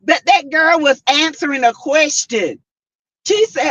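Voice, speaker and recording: Woman, casual commentary host, animated, emphatic, dry, muffled lo-fi audio. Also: high-pitched, unhurried, no echo. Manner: animated, emphatic, repeats points. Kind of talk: casual commentary reading live chat. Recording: dull lo-fi sound.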